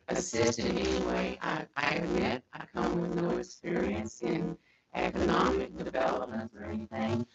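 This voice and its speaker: A woman's voice: very deep voice, vocal fry. A woman speaking hesitantly and modestly as an applicant at a city council meeting. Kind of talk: public remarks. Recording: muffled meeting recording with loud background noise.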